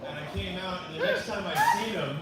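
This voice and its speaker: A man doing stand-up at an open mic on a small coffee bar stage, telling loose stories with deadpan setups and swearing. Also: sits high, quick pace. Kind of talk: stand-up storytelling. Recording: echoey bar, far mic, noisy.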